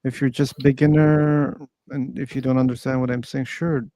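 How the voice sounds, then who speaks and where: A man's voice: mid-range voice, flat delivery, moderate pace, warm tone, slight background noise. A man hosting a casual online debate, patiently explaining his points and steering the talk back to the topic. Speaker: discussion host. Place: online voice chat room.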